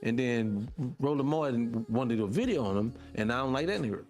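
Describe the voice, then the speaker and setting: A man's voice: animated, brisk, darkish tone. A man hosting a morning talk show, giving blunt, profane commentary on clips he plays. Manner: emphatic, blunt, profane, swings up in pitch when making a point. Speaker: host. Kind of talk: casual commentary reacting to clips.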